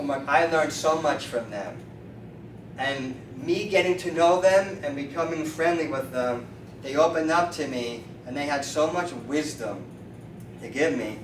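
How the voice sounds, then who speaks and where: A man in his fifties, a chiropractor, telling lively stories at a meeting and acting out the people he quotes. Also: a little high. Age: 50s. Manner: animated storyteller acting out quoted voices. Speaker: chiropractor, featured speaker. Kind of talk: storytelling talk to a meeting. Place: meeting room. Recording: roomy, distant mic with faint noise.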